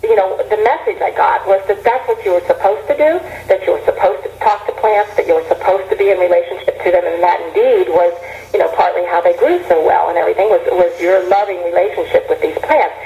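A woman's voice: fairly low pitch, fast, creaky, highs cut off. Earnest, rambling middle-aged woman. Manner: earnest, rambling with frequent restarts. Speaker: herbalist guest. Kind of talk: reflective interview talk. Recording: roomy echo.

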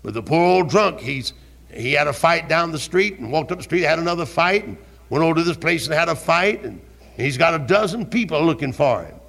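An older pastor preaches with a gravelly, creaky voice, a bit higher than most men. He hammers home repeated questions and climbs to fervent shouts in his church sanctuary. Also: lively intonation, fairly quick. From American South. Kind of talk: sermon. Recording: 1971 archival church recording.

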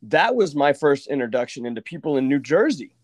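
A man from Oklahoma hosting a casual podcast chat, telling stories with lively asides and mimicking the people he quotes. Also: mid-range voice, a little fast, no echo. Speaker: podcast host.

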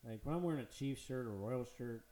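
A man's voice: medium pitch, fairly quick, dark tone, roomy sound, poor audio. A man co-hosting a podcast, chatting casually and animatedly about football, swearing and laughing often. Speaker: podcast co-host. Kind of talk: casual sports chat.

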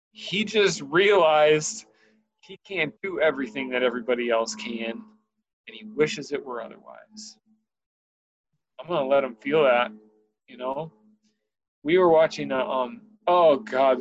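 Guy talking about his kid, earnest and halting, mid-pitched voice, keeps searching for words. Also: muffled recording. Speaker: father of a disabled son. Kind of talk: candid personal conversation.

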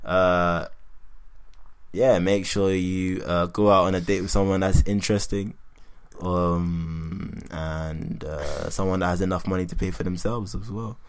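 A man's voice: deep voice, steady tone, a little slow, clean tone. A man in casual, teasing podcast chat, full of slang. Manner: slangy, teasing, laid-back.

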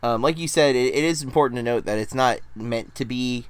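A man's voice: mid-range voice, fairly quick, clean tone, no echo. Man, podcast co-host, casual chat, rambling, filler-heavy, mid-range voice.

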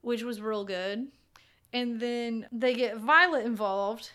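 A woman with a fairly high, very bright voice, chatting with a co-host. She cuts in with quick, wry remarks in a relaxed conversational way. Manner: quick interjections with wry jokes. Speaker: podcast co-host. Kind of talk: casual chat about a film.

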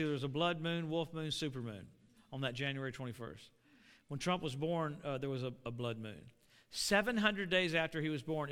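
A middle-aged man preaching a sermon, animated and building to shouts. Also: a little high, clear, resonant tone. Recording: long reverb of a hall.

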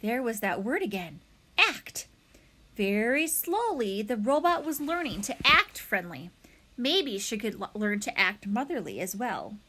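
A woman narrating a children's storybook in an expressive, animated way. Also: a little high, moderate pace.

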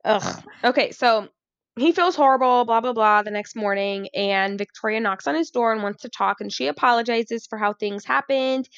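A woman's voice: medium pitch, no echo. A woman co-hosting a casual chat, talking in a chatty, incredulous way full of "like". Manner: chatty, filler-heavy, incredulous. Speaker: podcast co-host. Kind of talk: casual chat recapping a reality show. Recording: slightly dull, dry sound.

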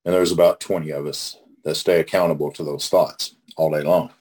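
A man's voice: rumbling low, fairly even intonation, brisk, a little mellow. A middle-aged man from Oklahoma leading a recovery study in a casual teaching talk. He is folksy and emphatic and repeats phrases for emphasis.

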